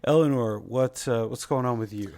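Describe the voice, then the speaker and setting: A man's voice: mid-range voice, moderate pace, gravelly, mellow, no room sound. Laid-back man with a dry sound. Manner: laid-back, many "uh" fillers, laughs along. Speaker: podcast host. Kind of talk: casual chat, show outro.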